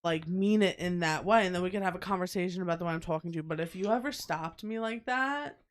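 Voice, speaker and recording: A woman's voice: on the low side, quick pace. A woman in her thirties with a New York accent, co-hosting a casual podcast chat, blunt and teasing, with frequent swearing. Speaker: podcast co-host.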